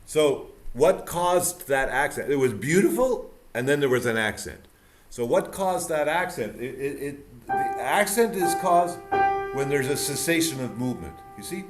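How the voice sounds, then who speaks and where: A man's voice: medium pitch, expressive, measured pace. A man teaching a piano masterclass, coaching a student with encouragement and repeating words for emphasis. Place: music room with piano and mirror. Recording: piano playing behind the voice.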